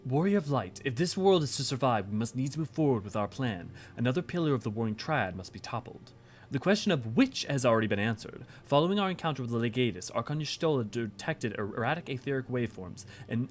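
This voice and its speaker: A man reading game dialogue aloud as a solemn, formal male ally, in a measured way. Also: mid-range voice, lightly acted.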